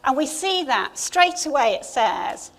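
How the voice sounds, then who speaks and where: Chatty high-voiced English woman preaching. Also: very animated, unhurried, vocal fry. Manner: chatty and warm, with asides. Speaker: church leader. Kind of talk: informal Easter sermon. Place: church hall.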